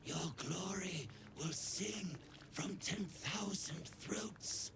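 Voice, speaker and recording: An actor voicing a fish-folk priest creature in a video game, solemnly hailing its new god, heard through a loud, noisy stream mix. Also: mid-range voice, drawn-out words, vocal fry. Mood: reverent. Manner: solemn, reverent proclamations. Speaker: game character.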